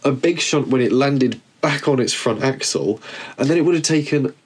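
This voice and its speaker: A man's voice: mid-range voice, normal speed, husky. A man co-hosting a podcast, chatting casually and rambling with restarts. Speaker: podcast co-host. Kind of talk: casual chat.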